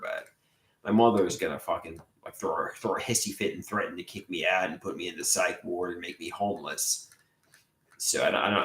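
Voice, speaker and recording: A man's voice: low-pitched, a bit bright. Rambling, profane man in a roomy space. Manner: rambling, profane, repeats himself. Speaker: livestreamer. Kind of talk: rambling live stream monologue. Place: own room at home.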